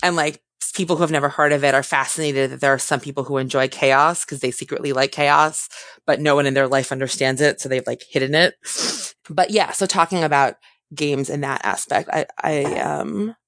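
A woman therapist answering interview questions in a thoughtful way, often pausing and correcting herself. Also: low-pitched, fairly even intonation, fairly bright tone, no echo, clean studio sound. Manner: thoughtful, self-correcting, many fillers.

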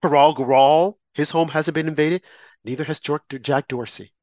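A man speaking a little higher than most, pressing his points with emphatic repetition and mocking asides. It's an opinionated commentary monologue, recorded dry with no room sound. The audio is slightly muffled and lo-fi. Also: steady tone, moderate pace, darkish tone, dry recording. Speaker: political commentator.

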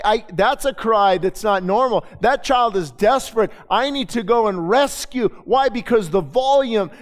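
A male pastor preaching a sermon to his congregation, talking in a conversational way that swells into impassioned, urgent pleading. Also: very high voice. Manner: impassioned, swings from quiet to loud; repeats words and restarts, conversational. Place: church sanctuary before a congregation. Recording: long reverb of a large hall.

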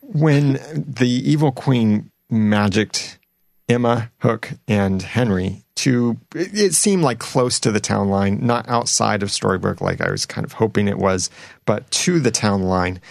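A man's voice: medium pitch, gravelly, a little mellow, dry recording, clean studio sound. A man hosting a casual podcast discussion about a TV show, reading listener comments aloud. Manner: conversational, reads listener comments. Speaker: podcast host.

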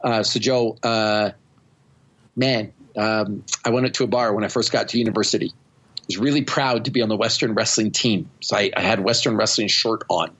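A man's voice: on the low side, moderate pace, a bit bright, breathy edge, highs cut off. A man hosting a podcast, telling stories in a blunt, profane, self-mocking way. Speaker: podcast host. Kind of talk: casual storytelling chat.

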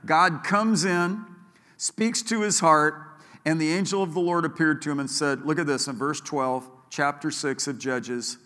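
A man in the pulpit preaches with emphatic, rising delivery, pushing the congregation to repeat after him. His voice is bright and somewhat high, ringing through a large church sanctuary with long reverb. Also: fairly even intonation, a little slow. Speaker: pastor. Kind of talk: sermon.

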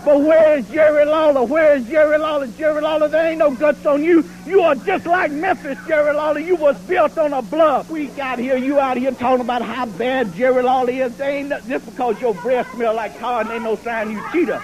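A man's voice: extremely high pitch, fairly even intonation, brisk, few pauses, dull audio, slight background noise. A man cutting a boastful, taunting wrestling promo in rhyming, preacher-like brags, heard from an archive TV clip. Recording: archive TV clip with cheering crowd.

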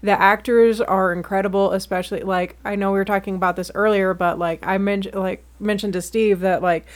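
A woman co-hosts a casual podcast, chatting away in a brisk, steady voice of medium pitch. Her talk is loose and full of "like" as filler.

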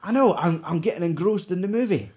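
A man's voice: sits high, animated, a little fast, highs cut off. A man hosting a casual podcast chat, rambling and swearing often. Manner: swears a lot, rambling with fillers. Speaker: podcast host.

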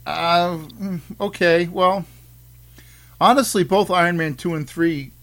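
A man's voice: high voice, slow pace, a bit bright. A man with a Boston accent hosting a podcast, chatting casually in a joking, rambling, self-mocking way. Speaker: podcast host.

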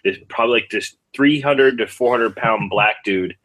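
A man in his thirties chatting casually on a podcast, relaxed, saying "dude" and restarting his sentences. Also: medium pitch, moderate pace, rough recording.

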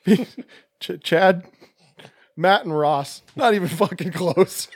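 A man co-hosting a podcast in casual chat, cracking quick jokes, swearing and giggling often. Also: high voice, no echo. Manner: quippy, giggly, profane. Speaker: podcast co-host. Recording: dry close mic.

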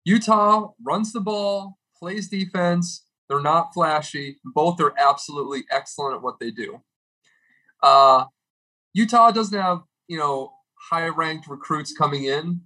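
A young man delivering a comedic podcast rant with animated, exaggerated delivery and swearing. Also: a little high, unhurried, rough recording. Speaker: podcast regular with a comedic food segment.

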